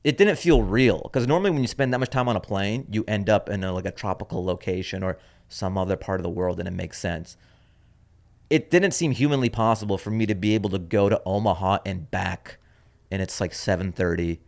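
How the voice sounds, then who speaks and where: A man's voice: on the low side, fairly quick, creaky, a little mellow. A man hosting his own comedy podcast, telling a story in a wry, offhand, rambling way. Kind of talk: casual rambling monologue.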